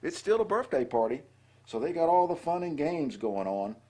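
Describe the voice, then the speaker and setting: An older man with a husky voice reading a children's storybook aloud and adding chatty asides between the lines. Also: a little high, sing-song, normal speed, mellow. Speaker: storybook reader.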